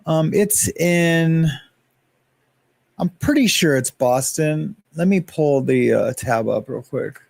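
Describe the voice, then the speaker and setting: A man chatting loosely on his own livestream, greeting viewers one by one as he rambles between topics. His voice sits on the higher side, and the sound is dry and close with little room echo. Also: slow, creaky, darkish tone. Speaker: livestream host. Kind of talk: casual livestream chat.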